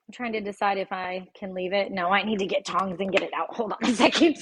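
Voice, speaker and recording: A woman's voice: mid-range voice, fairly quick, few pauses, noisy background. A woman hosting a casual cooking demonstration in her home kitchen, chatty and folksy, often laughing and talking straight to her viewers. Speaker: cooking show host.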